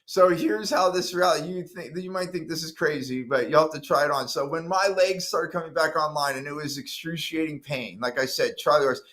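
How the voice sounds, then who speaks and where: Man, fairly high voice, middle-aged, earnest and animated, interview guest telling his story. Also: a little fast, hardly any pauses. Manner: earnest, animated, acts out his own past words.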